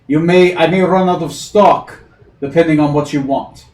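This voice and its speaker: A woman's voice: sits low, fairly even intonation, normal speed, a little mellow, close to an everyday voice. A man voicing a stout, brusque human woman in her thirties who runs a tavern, barking greetings and rattling off what she offers. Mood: matter-of-fact. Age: 30s. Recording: echoey room, far from mic, faint hiss.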